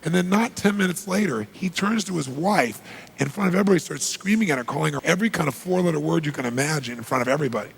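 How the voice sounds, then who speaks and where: A middle-aged man telling a story to an audience in an animated way, dropping to low asides and breaking into loud bursts. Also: quick pace, vocal fry, husky.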